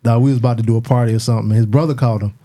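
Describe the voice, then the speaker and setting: A man talks fast in a warm, dark tone, telling stories in casual chat. He keeps checking in with "you know what I'm saying" as he goes. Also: mid-range voice, steady tone. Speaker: podcast co-host.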